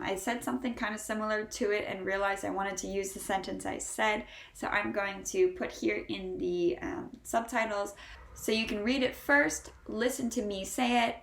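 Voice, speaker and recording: An American woman with a General American accent teaches English pronunciation in a roomy, echoing space. Her voice sits at a middle pitch. She talks through her points at a steady clip, then slows right down to stretch each example word out. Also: vocal fry. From United States. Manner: slow, drawn-out model words between brisk explanations. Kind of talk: pronunciation lesson.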